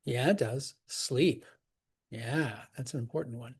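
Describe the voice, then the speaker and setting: Laid-back teacher counting syllables, talks slow, kinda husky. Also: medium pitch. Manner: casual, enthusiastic, laughs often. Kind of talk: scansion lesson.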